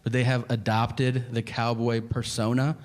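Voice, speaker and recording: A man doing stand-up, telling a story in an exasperated, incredulous, profane way, his voice jumping high in disbelief. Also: level tone, a little slow. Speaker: stand-up comedian. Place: comedy stage with a laughing audience. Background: audience laughter.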